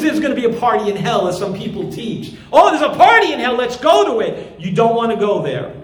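A male pastor preaching with fervor, his voice pitched high for a man. He repeats phrases for emphasis, and the sound rings in an echoey room. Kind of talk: sermon.

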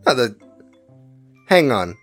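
A man hosting a casual podcast quiz, reading each question and its options slowly and deliberately. His pitch swings a lot as he talks, and he drifts into friendly asides between questions. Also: big pitch swings, fairly bright tone, soft background music. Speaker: podcast co-host and quizmaster.

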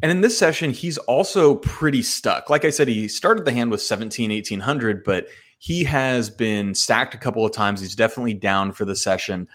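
A man hosting a solo podcast, walking through a hand he played with animated, self-mocking storytelling. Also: mid-range voice, moderate pace, hardly any pauses. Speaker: podcast host.

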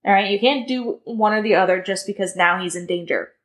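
A woman's voice: mid-range voice, brisk, fairly bright tone, low-quality recording. Chatty young woman podcast co-host. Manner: chatty, full of filler words. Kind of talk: casual book discussion.

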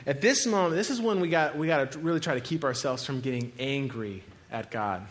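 Animated male preacher. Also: medium pitch, a little fast, hardly any pauses. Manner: animated preaching with cries to God. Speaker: pastor. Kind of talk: sermon.

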